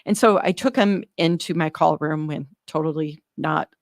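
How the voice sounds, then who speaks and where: A woman working in newborn care, earnestly telling an animated story in an interview, acting out the dialogue. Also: low voice, normal speed, no echo, studio quality. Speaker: neonatal medical provider, guest.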